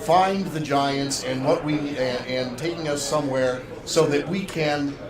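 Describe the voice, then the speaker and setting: A man playing his character in a tabletop game, halting and full of restarts. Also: a little high, reverberant, far from the mic, crowd noise, rough recording. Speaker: player.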